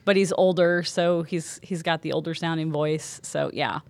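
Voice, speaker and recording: A woman's voice: sits low, fairly even intonation, moderate pace, no room sound. A woman co-hosting a podcast, chatting in an agreeable, talkative way. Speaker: podcast co-host. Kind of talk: casual chat.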